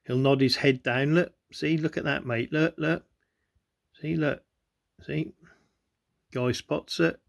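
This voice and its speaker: A man's voice: fairly high pitch, fairly even intonation, takes it slowly, vocal fry, long pauses. A man giving rambling commentary over video clips, repeating himself constantly and urging the listener to look. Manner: repetitive, keeps saying "look" and "you know what I mean". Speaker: conspiracy video host.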